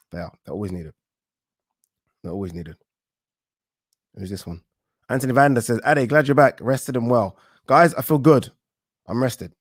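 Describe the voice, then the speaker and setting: Reading out comments from viewers, a man from England who runs a boxing channel keeps things relaxed and jokey, cursing casually along the way. He has a medium pitch, and the studio audio is clean with no echo.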